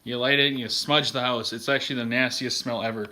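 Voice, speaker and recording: A man's voice: mid-range voice, steady tone, fast talker, sharp tone. A young man vlogging casually while out and about, joking and rambling in a chatty way. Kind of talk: casual vlog chat.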